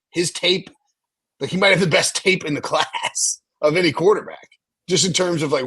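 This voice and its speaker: Podcast host, man, husky, slightly high voice, rambling casual sports talk. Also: fairly bright tone. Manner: rambling, lots of restarts and fillers.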